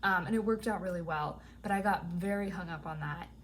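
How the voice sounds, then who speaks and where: A woman with a slightly low voice talks casually and brightly about writing a song. She often breaks into "da da" to show a rhythm, with a faint hiss in the background. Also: fairly quick. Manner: chatty and upbeat, hums rhythms with "da da" while explaining. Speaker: songwriter. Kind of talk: casual explanation of songwriting to viewers.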